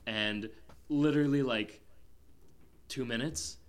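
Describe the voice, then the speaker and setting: A man's voice: medium pitch, slow. A man co-hosting a film podcast, chatting casually and rambling with lots of fillers. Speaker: podcast co-host, film reviewer. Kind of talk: casual chat.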